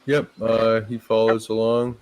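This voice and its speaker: Low, flat-voiced laid-back player. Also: male voice, unhurried. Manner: laid-back, casually crude. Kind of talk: casual tabletop game play.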